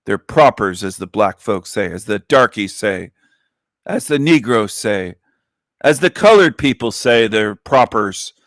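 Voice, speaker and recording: A man's voice: fairly low pitch, lively intonation, a little slow, a bit bright, dry recording, clean studio sound. A man hosting an online show in a mocking livestream monologue, with a repetitive, taunting, sing-song delivery.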